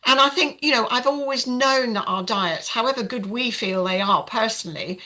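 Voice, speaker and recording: A woman's voice: fairly high pitch, normal speed, sharp tone, rough recording. An older woman telling her personal story as a podcast guest, in a frank, chatty way with many fillers. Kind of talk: casual storytelling.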